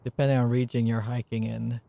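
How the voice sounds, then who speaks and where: A man's voice: medium pitch, level tone, brisk, gravelly, warm tone. A man giving casual live-stream commentary on a game, rambling with many fillers and restarts, sometimes reading on-screen text aloud.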